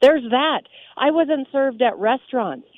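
Animated woman on a tinny phone line. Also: sits high, unhurried, dry recording. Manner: emphatic, animated storytelling. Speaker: radio DJ guest. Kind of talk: sports radio interview.

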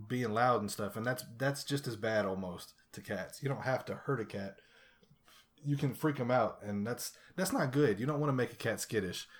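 A man casually telling a profane, animated story in a chat, laughing along as he goes. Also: fairly low pitch.

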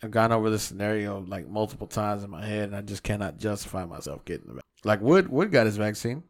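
A man's voice: fairly low pitch, expressive, quick pace. A man co-hosting a podcast in casual, crude banter, rambling and swearing and laughing often. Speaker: podcast co-host.

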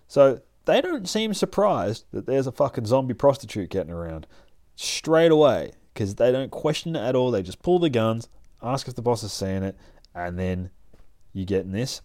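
Deep-voiced man cursing through a comic recap. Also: darkish tone, dry recording, studio quality. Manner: profane, rambling, laid-back. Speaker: comic reader. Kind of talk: casual comic book recap.

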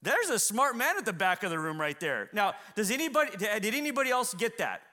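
A male pastor delivering a dramatic sermon in a church. His voice sits high and rings bright. He swings between ringing near-shouts and hushed low lines. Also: big pitch swings, fairly quick. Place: church hall with congregation.

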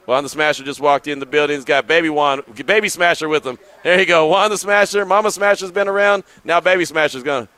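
A man hosting a sports radio show live from a sports bar, telling stories in animated casual slang. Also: a little high, fast, hardly any pauses, dry recording. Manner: animated storytelling, drawling slang.

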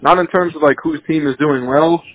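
A man's voice: on the high side, fairly even intonation, brisk. A man co-hosting a podcast, trading brash jokes in casual banter on a phone call. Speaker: podcast co-host.

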